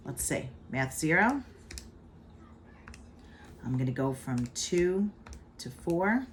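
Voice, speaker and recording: Low-voiced woman teaching math, slow and playful. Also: slight background noise. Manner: chatty and playful, with hype catchphrases. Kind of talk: casual video math lesson. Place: home.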